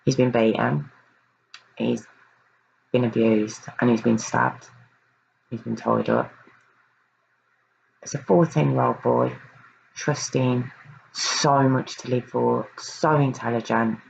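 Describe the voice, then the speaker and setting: A woman's voice: rumbling low, steady tone, slow pace, creaky, long pauses, a little mellow, dull audio, a little hiss or hum. A woman earnestly recounting a true crime case in a casual review, often hesitating and repeating words.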